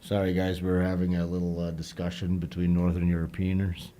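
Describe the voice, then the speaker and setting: Low-voiced livestreamer joking around. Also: male voice, monotone, a little fast, dark tone. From Netherlands (Limburg). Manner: loose, joking, switches into Dutch and German. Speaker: livestream host. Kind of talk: casual livestream chat with viewers.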